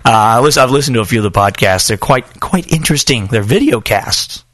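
A man's voice: medium pitch, animated, fairly quick, fairly bright tone, no room sound. A man hosting a podcast from a small home studio, chatting in a joking, rambling way. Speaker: podcast host. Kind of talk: casual chat.

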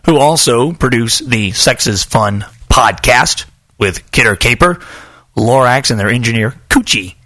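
A man hosts a casual podcast, telling rambling jokey stories. His voice sits at an ordinary pitch. The sound is dry and close in a small studio. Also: measured pace, bright, forceful tone, no echo. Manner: joking, rambling storyteller. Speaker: podcast host. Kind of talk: casual chat.

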